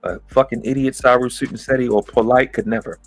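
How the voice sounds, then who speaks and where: A man's voice: medium pitch, steady tone, fast, soft background music. A man hosting a livestream, ranting angrily and mocking his critics with heavy profanity. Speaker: livestream host. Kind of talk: angry ranting monologue.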